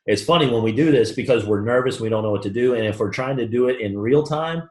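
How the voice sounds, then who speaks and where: Speaking at medium pitch and a quick pace, a man delivers a motivational sales training talk to a room. His storytelling is animated, and he plays both parties in the conversations he describes. The recording has a roomy echo.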